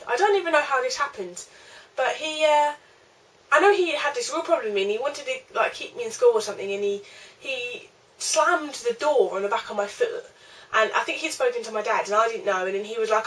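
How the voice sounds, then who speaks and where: A woman's voice: fairly high pitch, quick pace, fairly bright tone, recorded from a distance, low-quality recording. A young woman telling a rambling storytime vlog, chatty, with lots of fillers. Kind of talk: casual storytime.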